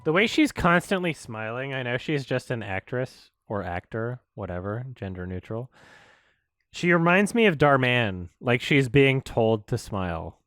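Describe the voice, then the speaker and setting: A man hosting a reaction video, ranting in a heated, profane and sarcastic way. His pitch swings widely as he talks, and the recording is dry and close. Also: very animated, unhurried, fairly bright tone, dry recording. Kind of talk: ranting commentary.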